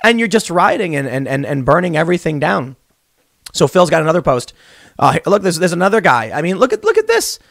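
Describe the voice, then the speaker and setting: A young man hosts his podcast from a small closet studio, and his voice sits a little high for a man, swinging widely up and down as he rants. He rambles and restarts his sentences, piling on opinion, and the sound is close and dry with no room echo. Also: a little fast, gravelly. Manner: animated and rambling, with many restarts. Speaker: podcast host. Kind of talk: opinionated political commentary.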